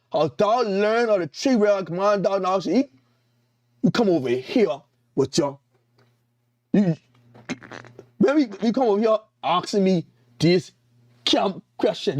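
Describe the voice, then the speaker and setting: A man's voice: sits high, no room sound. A man with a Caribbean accent preaching a sermon as an evangelist, emphatic and repetitive, calling out to his congregation. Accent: Caribbean English.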